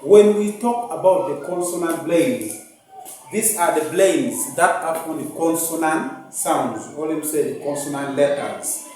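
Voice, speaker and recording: A man's voice: fairly high pitch, a little slow, a little mellow, a little hiss or hum. A male teacher with an East African English accent giving a phonics lesson, repeating words and sounding out syllables patiently. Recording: echoey room, mic at a distance.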